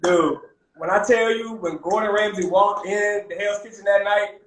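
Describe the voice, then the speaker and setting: A young man, a private chef, casually telling animated stories as a podcast guest. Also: high-pitched, moderate pace. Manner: animated, peppers talk with "man" and "bro". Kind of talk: casual storytelling. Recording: roomy echo.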